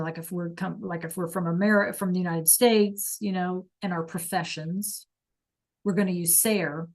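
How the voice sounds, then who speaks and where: A woman teaching a class over a video call, explaining slowly and patiently and checking in with "okay?" all the time. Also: mid-range voice, a little mellow. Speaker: Spanish teacher.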